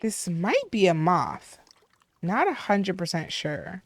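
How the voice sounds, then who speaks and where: A woman's voice: fairly low pitch, very animated, takes it slowly, no room sound, clean studio sound. A young woman hosting a gaming video, giving casual gameplay commentary, curious and cooing at cute things.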